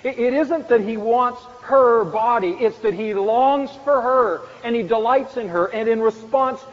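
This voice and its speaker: A man preaching a sermon in an earnest, measured way, reading stories aloud. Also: extremely high pitch. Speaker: pastor. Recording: dull lo-fi church hall recording with long reverb.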